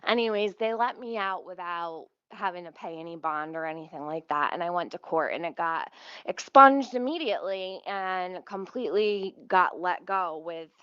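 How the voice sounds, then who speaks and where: A woman's voice: lowish voice, moderate pace, a bit bright, smooth, dry recording. A woman in her thirties telling a story casually, swearing a lot, sounding exasperated and laughing often. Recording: slightly muffled dry recording.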